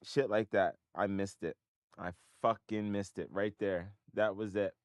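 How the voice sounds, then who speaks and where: Man, very low pitch, dry recording, frustrated self-talk, swearing, loud then muttered. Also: fairly even intonation, unhurried, clear, resonant tone, no room sound. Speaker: options day trader. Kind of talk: casual talking to himself while trading.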